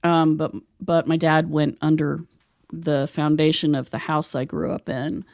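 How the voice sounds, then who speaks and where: A woman's voice: deep voice, level tone, a little slow, darkish tone, no room sound, studio quality. A woman from West Virginia hosting a podcast, telling stories in a chatty, rambling way. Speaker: podcast host. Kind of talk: casual conversation.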